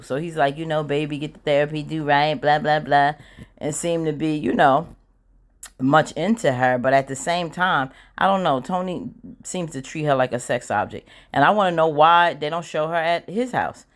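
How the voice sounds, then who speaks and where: A woman speaking at normal speed in a low voice gives an easygoing, opinionated rundown of a TV drama, dipping into little reenactments of scenes as she talks.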